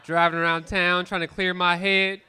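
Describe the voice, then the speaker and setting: Bright-voiced profane stand-up comic man. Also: high-pitched, normal speed, clean tone. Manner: profane, animated storytelling with crowd banter. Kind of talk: live stand-up comedy. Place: comedy club stage.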